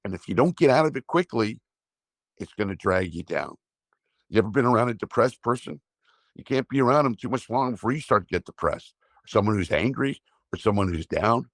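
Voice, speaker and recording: A man with a fairly low, gravelly voice, speaking as an energy healer. He guides breathing in a slow, calm way with long pauses. The sound is dry and close. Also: dry recording. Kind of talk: guided breathing instruction and talk.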